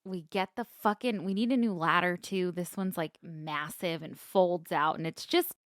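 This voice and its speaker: A young woman co-hosting a podcast, telling stories in a lively, casual way, swearing freely and acting out the scenes. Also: lowish voice, normal speed, no room sound, clean studio sound. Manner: animated storyteller, swears freely, acts out scenes. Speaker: podcast co-host. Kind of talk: casual chat.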